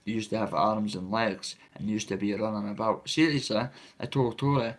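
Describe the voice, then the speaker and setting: A man chatting on a live stream from a family home, talking fast and bluntly, swearing and giving shout-outs to viewers. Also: fairly low pitch, fairly even intonation. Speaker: livestreamer. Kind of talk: casual live-stream chat. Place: a family member's home, indoors.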